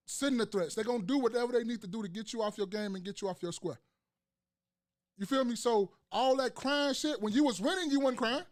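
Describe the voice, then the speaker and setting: A man hosting a casual podcast chat, ranting emphatically with slang and profanity and repeating phrases for emphasis. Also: very high-pitched. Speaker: podcast host.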